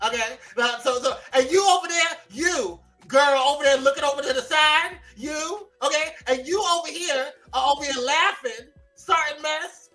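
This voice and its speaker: A man hosting a morning talk show, chatting in an animated, teasing way and laughing often. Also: very high-pitched, moderate pace, few pauses, faint music behind, low-quality recording. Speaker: host. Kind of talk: casual chat.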